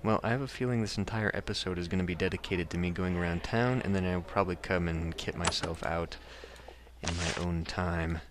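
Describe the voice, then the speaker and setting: A man playing through a game and commenting in a casual, wry way, reading the on-screen text as he goes. His voice sits on the low side, with a steady hiss in the background. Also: fairly quick. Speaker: let's play host.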